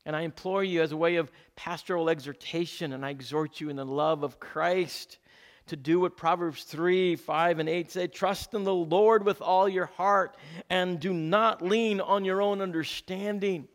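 A male pastor delivers a sermon in a slightly high voice. He presses his points with fervent exhortation, then drops to hushed, low lines, and he repeats each point slowly so his listeners can take notes. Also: fairly even intonation. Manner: emphatic, repeats key points slowly for note-taking.

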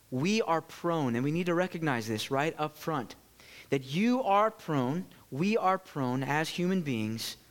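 A man preaching a sermon to his church, animated and swinging from loud bursts to hushed moments. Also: a little high. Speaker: pastor.

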